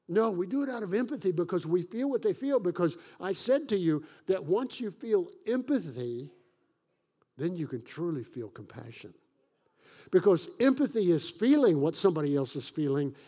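A high-pitched male pastor from Kentucky delivering a sermon. He preaches emphatically, slowing right down on key phrases, and drops in folksy jokes at his own expense. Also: warm tone. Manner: folksy, self-joking asides; emphatic preaching with dramatic slowdowns.

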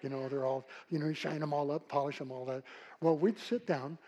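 An older man preaching a sermon with a husky voice, telling folksy stories and swinging from loud calls to hushed, quiet passages. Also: on the high side, a little fast, poor audio. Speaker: pastor.

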